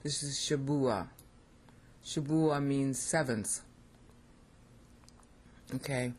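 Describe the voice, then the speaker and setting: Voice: mid-range voice, drawn-out words, a little mellow, slightly rough. An American Bible teacher giving an informal lecture on scripture, thinking aloud and checking in with listeners.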